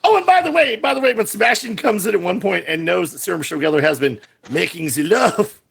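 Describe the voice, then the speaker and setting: A man co-hosting a casual movie podcast, talking in animated bursts that jump from high excited peaks to low asides. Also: fast, vocal fry, husky. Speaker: podcast co-host.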